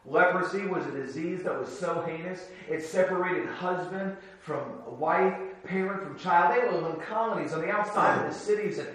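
A man preaching a sermon, moving from soft asides to shouted exclamations, telling stories with humor. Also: high-pitched, moderate pace, hardly any pauses. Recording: echoey hall, from far off.

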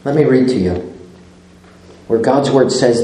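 A man preaching a sermon, slow and deliberate, falling to a near hush on key phrases. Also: mid-range voice, heavy reverb, poor audio. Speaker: pastor.

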